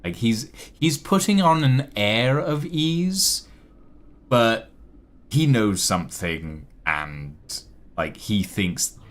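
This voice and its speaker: Man, game master, slow pace, lively pitch, hesitant narration with fillers.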